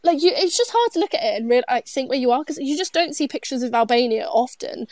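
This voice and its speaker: A woman's voice: high voice, animated, quick pace, a little mellow, dry recording. A young British woman co-hosting a podcast, chatty and giggly, full of fillers like "like". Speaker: podcast co-host. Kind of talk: casual podcast chat.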